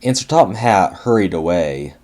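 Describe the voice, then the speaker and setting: A man narrating a storybook adaptation in an animated, expressive way. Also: low-pitched, moderate pace.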